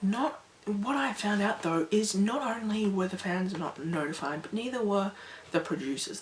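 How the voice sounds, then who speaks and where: A woman vlogging to her viewers in a chatty, rambling, animated way. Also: mid-range voice. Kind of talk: casual talk to camera. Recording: echoey room, faint background noise.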